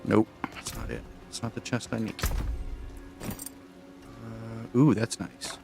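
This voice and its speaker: Male gamer, casual commentary, muttering and explaining to chat, low gravelly voice, music bed. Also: little pitch movement, slow pace. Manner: mutters to himself, then talks to chat. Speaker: gamer streamer.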